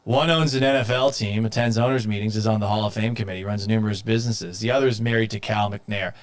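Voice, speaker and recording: Hosting a live sports talk stream, a man with a lowish, steady voice talks at a quick pace. He reads viewer comments aloud casually, sounding exasperated, swearing, and mocking himself.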